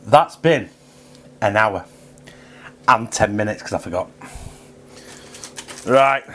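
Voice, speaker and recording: A man's voice: lowish voice, animated, takes it slowly, slight background noise. A man chatting casually and swearing freely while he cooks in his own video, rambling off topic and joking as he goes. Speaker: home cook vlogger. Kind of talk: casual cooking vlog.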